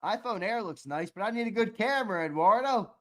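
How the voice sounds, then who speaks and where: A man co-hosting a live sports stream, running a giveaway shuffle, reading viewer chat and shouting out winners, swearing casually. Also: high-pitched, animated, fairly quick. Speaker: sports show co-host.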